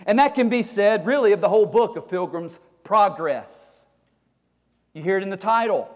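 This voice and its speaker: A man's voice: high-pitched, expressive, moderate pace. A male pastor preaching a fervent, exhorting sermon, often repeating his words as he presses a point. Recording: long hall reverb.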